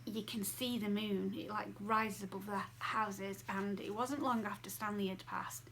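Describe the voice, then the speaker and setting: A woman's voice: mid-range voice, fairly even intonation, a little slow, fairly bright tone, slight background noise. A woman talking casually to camera as a vlogger at home, chatty and rambling with many fillers. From England.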